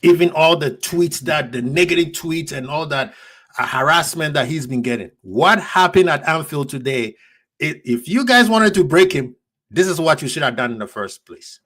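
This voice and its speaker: A man's voice: on the high side, animated, moderate pace, fairly bright tone. A man hosting a fan reaction stream, passionate and preachy, ranting at rival fans. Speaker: fan channel host.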